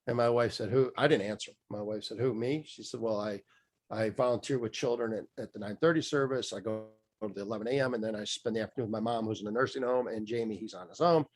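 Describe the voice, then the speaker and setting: With a lowish voice and fast delivery, a middle-aged man shares his story as a podcast guest. He's a mindset coach, and in this casual storytelling interview he rambles candidly, with many fillers and restarts.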